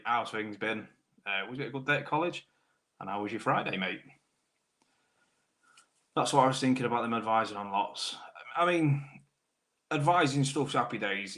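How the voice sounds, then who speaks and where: A British man, a car technician, hosting a live stream, chatting casually with viewers by name while clearing a sore throat. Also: lowish voice, bright, forceful tone. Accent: British English. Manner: chatty, matey banter, greets viewers by name. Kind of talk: casual live-stream chat reading comments.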